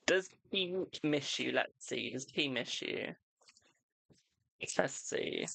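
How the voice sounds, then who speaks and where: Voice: mid-range voice, wildly swooping pitch, extremely slow, gravelly, long pauses, a bit bright, dry recording. A young adult tarot reader chatting bluntly and casually on a live stream. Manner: blunt, chatty, self-deprecating.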